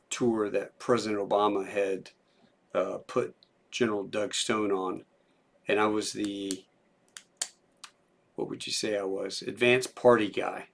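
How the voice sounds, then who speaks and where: A man hosting a podcast, talking casually and pausing to search for words. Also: lowish voice, gravelly. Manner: relaxed, conversational, searching for words. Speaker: podcast host, military veteran. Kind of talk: casual chat.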